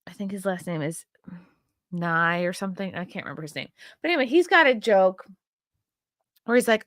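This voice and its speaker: A woman's voice: medium pitch, lively intonation, a little fast, long pauses, fairly bright tone, no echo, clean studio sound. A woman hosting her own show, giving blunt, profane and rambling commentary on video clips with a sarcastic edge. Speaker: host.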